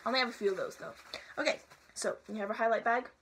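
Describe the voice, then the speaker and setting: A woman's voice: fairly high pitch, very fast, slight background noise. Chatty young woman doing a makeup tutorial. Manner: chatty and playful, drifts into soft asides. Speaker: makeup vlogger. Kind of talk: casual makeup tutorial chat.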